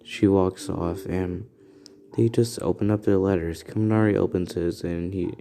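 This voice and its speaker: Deep gravelly man telling a story. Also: steady tone, warm tone, a little hiss or hum. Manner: casual, halting, restarts often. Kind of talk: improvised fan-fiction narration.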